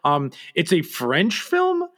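A man's voice: high voice, huge pitch swings, takes it slowly, a bit bright. A man co-hosting a casual podcast, talking in a hesitant, rambling way with many ums and restarts. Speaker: podcast co-host and producer.

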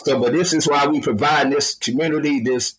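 Emphatic husky-voiced man on the radio. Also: on the high side, fairly even intonation, a little fast, fairly bright tone, rough recording. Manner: emphatic, repeats phrases, colloquial speech. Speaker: radio show guest. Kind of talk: impassioned radio talk.

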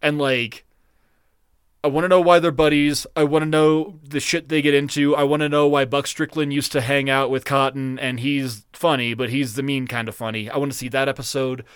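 A man co-hosting a podcast in casual chat, rambling, profane and excitable. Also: medium pitch, moderate pace, smooth, no room sound, studio quality. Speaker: podcast co-host.

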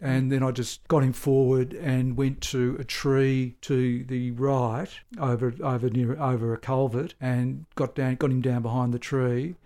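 An Australian man with a gravelly, creaky voice tells his story in a relaxed interview. He speaks at a middle pitch, often stopping to restart and correct his sentences as he searches for the details. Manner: halting, self-correcting, with frequent restarts and fillers. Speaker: former police sergeant telling his story. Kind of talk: conversational interview recollection.

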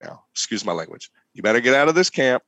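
A man imitating a gruff male pitmaster who sternly tells someone to leave. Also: medium pitch, sing-song, quick pace, fairly bright tone, dry recording.

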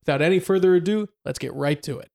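A man's voice: fairly high pitch, fast, vocal fry, darkish tone, slight background noise. A man hosting a podcast, joking and teasing his co-hosts in casual chat. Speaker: podcast host.

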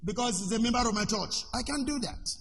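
Man, pastor's sermon, sharp bright tone, long hall echo, faint background noise. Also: very high-pitched, fast talker. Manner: preaching with shouts and call-and-response.

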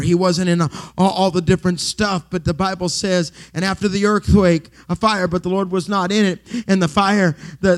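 High-voiced man preaching a sermon. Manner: swings from hushed whispers to loud exclamations. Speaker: pastor.

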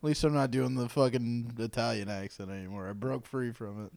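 A man co-hosting a podcast, firing off crude jokes and quick comebacks. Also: mid-range voice, steady tone, creaky, darkish tone, dry recording. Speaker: podcast co-host. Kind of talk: casual chat.

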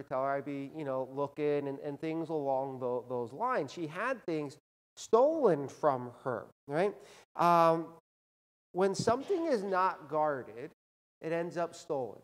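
High-voiced pastor in a reverberant church. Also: male voice, darkish tone. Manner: folksy storytelling with frequent "right?" asides. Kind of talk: sermon. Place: church sanctuary. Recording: long hall reverb.

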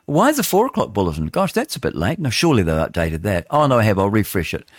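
A man's voice: fairly low pitch, wildly swooping pitch, fast talker, no room sound, clean studio sound. An English man hosting a morning talk radio show, rambling, jokey and opinionated as he reads the news. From England. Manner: rambling, chatty, jokey, opinionated, stumbles over words. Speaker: radio host. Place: radio studio.

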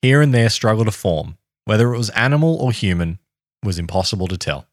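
Male podcast host reading a history story, low and animated pitch, dry close mic. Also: a little fast, no room sound.

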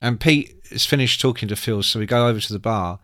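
A man's voice: lowish voice, fast talker. A man in his sixties telling a long anecdote as an interview guest, acting out quotes with lots of swearing. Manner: animated anecdotal storyteller, acts out quotes, sweary. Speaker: music writer guest. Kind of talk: casual storytelling.

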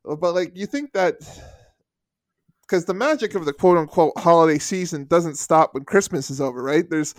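Relaxed man rambling outdoors. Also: a little high, moderate pace. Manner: relaxed, rambling, many fillers. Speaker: podcast co-host. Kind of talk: casual chat. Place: outdoors in the cold.

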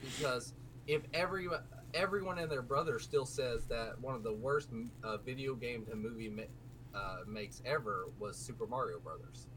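Bright-voiced man, chatty podcast host. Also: mid-range voice, normal speed, low-quality recording. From American South. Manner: animated, digressive, restarts often. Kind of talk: casual gaming podcast chat. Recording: faint background noise.

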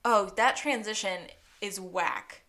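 A woman co-hosting a casual recap podcast, with a mid-pitched voice. She tells the story with wry, animated asides. The talk is loose and chatty. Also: slow pace. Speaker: podcast co-host.

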